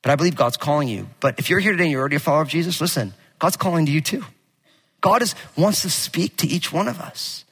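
A male pastor preaching a sermon with animated, casual storytelling and jokes. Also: on the high side, fast talker, slightly rough. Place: church sanctuary. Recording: long hall reverb.

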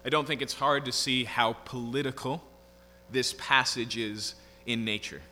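A man, a pastor, reading scripture in a measured, deliberate way and then preaching a sermon in a church. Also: medium pitch, sharp tone. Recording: long hall reverb, faint background noise.

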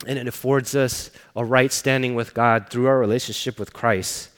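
A man's voice: medium pitch, steady tone, moderate pace. Male pastor, mid-range voice, earnest sermon storytelling, long hall reverb. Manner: earnest personal storytelling, often dropping to a hushed voice.

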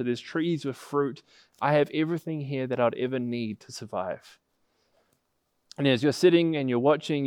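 A man's voice: mid-range voice, a little mellow, clear, resonant tone, dry recording, clean studio sound. A man preaching a sermon, telling a vivid illustrative story that builds in intensity.

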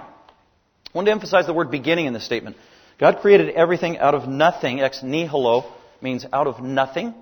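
Higher-voiced man preaching in an echoing hall. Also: breathy edge. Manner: emphatic preaching, voice climbing on key words. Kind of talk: sermon.

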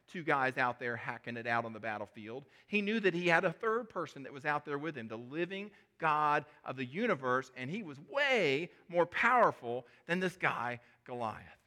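Bright-voiced man preaching a sermon. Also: fairly high pitch, expressive, brisk, hardly any pauses. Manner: conversational storytelling, rhetorical questions. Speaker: pastor.

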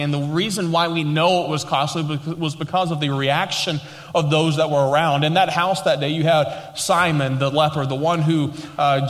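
Male pastor, sermon delivery: emphatic, slows and lifts for key points, reads scripture lower; long hall reverb. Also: fairly bright tone. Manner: emphatic preaching, slowing and rising for stress.

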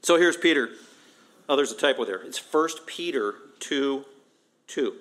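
A man's voice: medium pitch, lively intonation, measured pace, a bit bright. A middle-aged man preaching a sermon as a pastor, emphatic and conversational, piling up repeated phrases for stress. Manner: conversational, breaks into acted quotes.

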